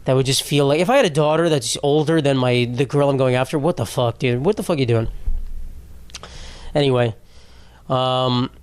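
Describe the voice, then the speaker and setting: A man's voice: mid-range voice, moderate pace, pauses often, a little mellow, clean tone, dry recording. A young man hosting a podcast, delivering a rambling, profane comedic monologue that keeps cutting itself off mid-thought. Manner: profane, rambling, self-interrupting. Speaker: podcast host.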